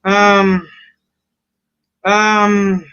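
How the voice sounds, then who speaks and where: High-voiced man, halting, lo-fi audio. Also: level tone, bright, forceful tone, smooth. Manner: halting, repetitive, full of fillers. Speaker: online panel guest. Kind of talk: livestream panel talk. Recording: dull lo-fi stream audio.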